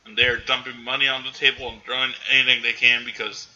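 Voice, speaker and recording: A man casually recapping a movie in animated chat, jumping into the characters' voices now and then. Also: mid-range voice, muffled recording. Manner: animated, acts out characters in quick bursts.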